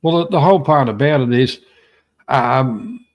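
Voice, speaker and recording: A man co-hosting a podcast, speaking haltingly with repeated words and a blunt way of putting things. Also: medium pitch, animated, highs cut off. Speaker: podcast co-host. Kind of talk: casual chat.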